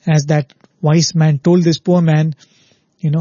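A man talks through a spiritual parable in a thoughtful, unhurried way. His voice sits a little high but mellow and slightly husky. The sound is dry and dull, like a lo-fi recording. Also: flat delivery, no echo. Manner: reflective, repeats "very, very" and asks "right?". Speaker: spiritual speaker. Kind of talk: storytelling spiritual talk.

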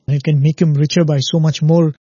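A man's voice: a little high, little pitch movement, a little fast, dark tone, breathy edge, no echo, muffled recording. A man giving a reflective spiritual talk, telling a parable and often checking in with "right?" and repeated "very, very". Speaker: spiritual speaker.

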